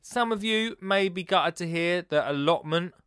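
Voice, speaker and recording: A man hosting a gardening podcast in a rambling, excitable chat, bursting into sing-song phrases and laughing at himself. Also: high voice, unhurried, clean tone, dry recording, studio quality. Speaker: podcast host. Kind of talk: casual chat.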